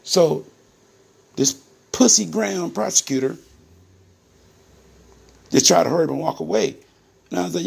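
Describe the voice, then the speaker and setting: A man's voice: high voice, lively intonation, measured pace, gravelly, pauses often, darkish tone, slightly rough. A man telling his own story straight to his viewers, indignant and emphatic, calling out to them again and again and repeating words for stress.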